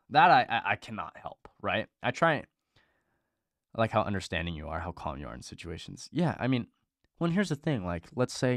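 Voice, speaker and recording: A man's voice: deep voice, fairly bright tone, no room sound, studio quality. A young man hosting a live stream in casual chat, blunt and profane, with lots of "bro" and "dude".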